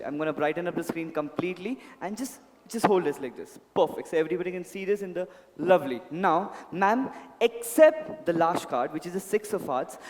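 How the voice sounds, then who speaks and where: A man's voice: sits high, a little mellow, in a large hall. A man performing a stage magic act, politely coaxing volunteers and addressing them as sir and ma'am, speaking into a handheld mic. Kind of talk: live magic show patter. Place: large hall at a club event.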